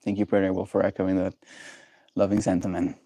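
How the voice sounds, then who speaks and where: Soft-spoken man musing on a livestream. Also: deep voice, level tone, vocal fry, no room sound. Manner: gentle, musing, thoughtful pauses. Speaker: livestream host. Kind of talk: reflective livestream chat.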